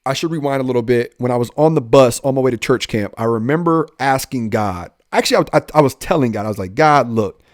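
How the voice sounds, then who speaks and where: A young man, a police officer, telling his life story in a casual podcast chat, goofy and animated, acting out the lines he quotes. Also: medium pitch, quick pace, hardly any pauses, no room sound, clean studio sound.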